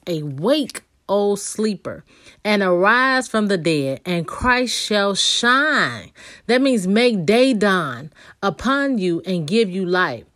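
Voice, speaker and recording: A woman who speaks, leading a devotional talk in a fervent, repetitive preaching style with spoken prayers. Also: medium pitch. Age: adult.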